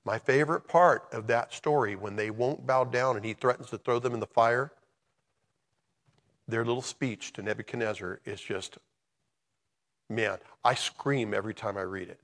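Male pastor, mid-pitched voice, passionate conversational sermon delivery. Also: normal speed, fairly bright tone, big-room sound.

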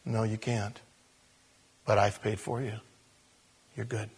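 A man preaching a sermon, shifting between soft hushed moments and loud, animated storytelling. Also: fairly low pitch, slow, breathy edge. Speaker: pastor.

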